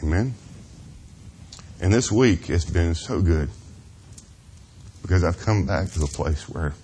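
A middle-aged man preaching a sermon in a church, earnest and confessional, asking "Amen?" of the congregation and dropping to a hushed near-whisper at tender moments. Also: low voice, lively intonation, takes it slowly, a little hiss or hum. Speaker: pastor.

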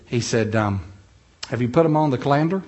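A man's voice: medium pitch, normal speed, darkish tone. A middle-aged man with a North Carolina Southern accent, telling funny stories in a folksy, self-deprecating talk. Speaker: speaker giving a talk. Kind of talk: humorous storytelling talk.

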